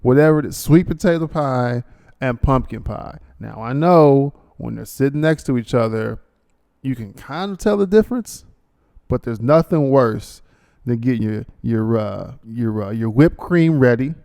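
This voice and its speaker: Rambling gravelly-voiced man, podcast host. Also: medium pitch, animated, moderate pace, dark tone. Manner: rambling, full of fillers and asides, ad-libs jokingly. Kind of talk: casual monologue with a read sponsor ad.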